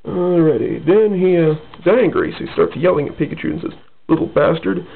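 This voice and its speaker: A man casually reads his own comic aloud, drifting into rambling asides. His voice is fairly high and gravelly. It comes through tinny and phone-like. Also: expressive, brisk.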